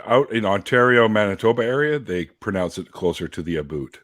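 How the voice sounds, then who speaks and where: A man with a West Coast Canadian accent hosting a casual live-stream chat, relaxed and chatty. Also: fairly low pitch, fairly quick, no room sound. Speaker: host.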